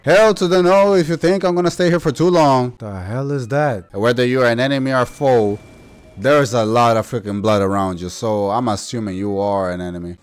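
A young man giving casual gameplay commentary as a YouTuber, excitable and slangy, yelping and talking back to enemies. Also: mid-range voice, moderate pace, clean tone. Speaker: gaming YouTuber.

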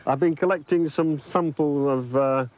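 A man presenting a children's TV show, talking gently and chattily as he explains things to children. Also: on the high side, normal speed.

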